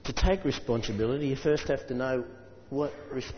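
A man preaching a sermon, chatting to the congregation with asides and reading scripture aloud, slowing down for emphasis. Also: medium pitch, a little hiss or hum. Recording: dull sound with long reverb in a hall.

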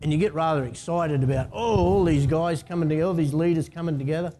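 An Australian-accented pastor with a slightly high, warm voice preaches at a quick clip. His sermon is informal and talkative, and he keeps inviting the congregation to answer back. A little hiss or hum is audible.

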